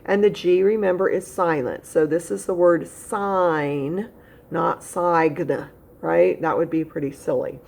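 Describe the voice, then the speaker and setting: A woman teaching phonics to a child at home in a patient, step-by-step way. Her voice sits fairly low and has a gravelly edge. She repeats the main points slowly so they sink in. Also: darkish tone. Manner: speaks directly to a child at home. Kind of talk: recorded phonics lesson for young pupils.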